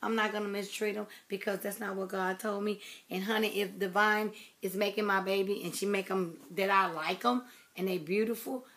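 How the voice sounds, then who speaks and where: A woman's voice: mid-range voice, steady tone, normal speed. Chatty woman rambling to her viewers. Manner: rambling, chatty, affectionate, drifts to soft murmurs. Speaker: doll collector vlogger. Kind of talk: casual chat to camera.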